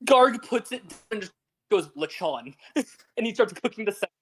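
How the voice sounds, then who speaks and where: A man describing his character's actions as a player in a tabletop game, quick and matter-of-fact. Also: extremely high pitch.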